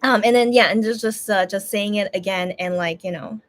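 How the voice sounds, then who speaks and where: A young woman talking casually to her viewers while tearful and crying, halting with many restarts and pauses. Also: medium pitch. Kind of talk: emotional casual livestream talk.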